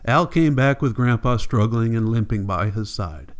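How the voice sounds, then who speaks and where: A man narrating an audiobook in a calm, even storytelling voice. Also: mid-range voice, moderate pace. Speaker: audiobook reader.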